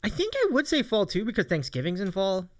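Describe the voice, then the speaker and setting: A man's voice: sits high, huge pitch swings, fairly quick. A man co-hosting a casual live-streamed talk show, upbeat and enthusiastic, often repeating himself. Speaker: podcast co-host. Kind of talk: casual chat.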